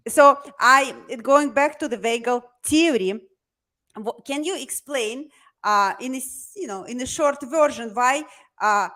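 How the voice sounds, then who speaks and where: A woman with a Russian accent, hosting an interview and asking earnest, halting questions. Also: high voice, bright, forceful tone. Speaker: interview host.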